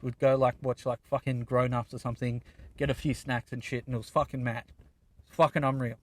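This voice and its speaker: A man's voice: medium pitch, flat delivery, fairly quick. A young Australian man in his twenties, hosting a podcast and ranting in a casual, profane way from inside a car. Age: 20s. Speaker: podcast host. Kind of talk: casual solo rant.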